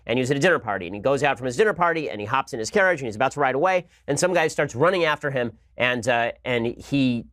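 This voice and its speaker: A man's voice: mid-range voice, expressive, a bit bright, no room sound, studio quality. A man hosting a show, delivering a sarcastic political commentary monologue. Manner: rapid-fire, sarcastic. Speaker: host.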